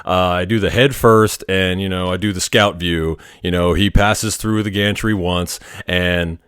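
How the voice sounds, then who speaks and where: Low-voiced man telling work stories. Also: steady tone, unhurried, a bit bright, clear, resonant tone, dry recording, studio quality. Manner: laid-back, profane, rambling with fillers. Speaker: Navy X-ray tech telling work stories. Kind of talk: casual storytelling vlog.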